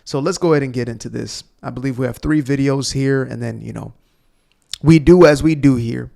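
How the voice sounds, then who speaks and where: A man's voice: medium pitch, a little fast, vocal fry, mellow. A man hosting an opinionated commentary channel, reacting to clips in a sarcastic, mocking tone.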